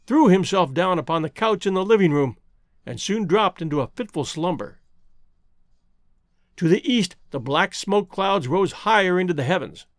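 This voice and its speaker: A man reading an adventure story aloud as an audiobook narrator, with dramatic, expressive delivery. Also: high-pitched, dry recording, clean studio sound. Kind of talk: scripted narration.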